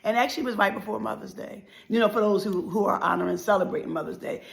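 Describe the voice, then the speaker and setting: A middle-aged woman giving an impassioned motivational speech, preacherly and repetitive, swinging between loud and soft. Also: medium pitch, fast talker, creaky. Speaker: motivational life speaker.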